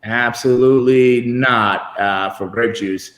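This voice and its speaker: A man's voice: mid-range voice, steady tone, slow, fairly bright tone. A middle-aged man spinning loose, meandering anecdotes, often breaking into laughter as he goes. He speaks over a computer video call, and his voice carries a roomy echo. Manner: rambling, laughs while telling stories. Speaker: guest wrestler. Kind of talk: casual interview storytelling.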